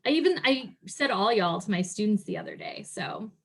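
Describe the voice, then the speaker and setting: A woman from Massachusetts who teaches at a university, chatting on a webinar in a bubbly, animated way. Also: medium pitch, fairly quick. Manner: bubbly, animated, laughing often. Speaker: university instructor. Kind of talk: casual webinar chat.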